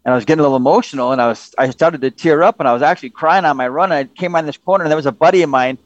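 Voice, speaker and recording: Fast-talking man co-host, dull dry sound. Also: on the high side, no echo. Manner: earnest, storytelling, brisk. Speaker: podcast co-host. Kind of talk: casual podcast storytelling.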